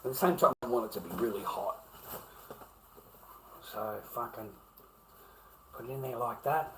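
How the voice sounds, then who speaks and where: An Australian man livestreams from his home kitchen, chatting and rambling casually in a mid-range voice at a moderate pace. He swears freely and calls viewers mate and bro, with noisy background sound.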